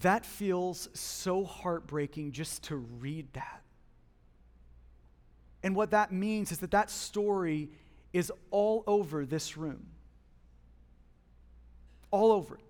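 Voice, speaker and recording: A man preaching a sermon as pastor, with passionate swings between hushed and loud emphasis, speaking in a church. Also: high voice, takes it slowly, pauses often, in a large hall. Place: church hall.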